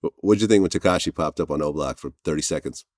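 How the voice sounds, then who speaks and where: Low-voiced male interview host. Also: quick pace, no room sound, clean studio sound. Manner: relaxed, laughs often, short affirmations. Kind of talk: casual interview questions.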